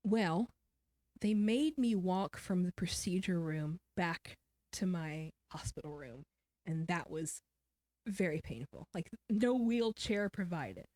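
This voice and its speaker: A woman's voice: on the low side, animated, slow, warm tone, no echo. A woman guest author telling a personal story in an interview, candid and somber, often quoting what others said.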